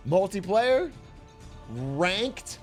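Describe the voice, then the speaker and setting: A man's voice: sits high, very animated, drawn-out words. A young man streaming a strategy game, chatting casually, joking, swearing and talking himself through nerves. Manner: jokey, swears, repeats himself when nervous. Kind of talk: casual gameplay chat. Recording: faint game music behind.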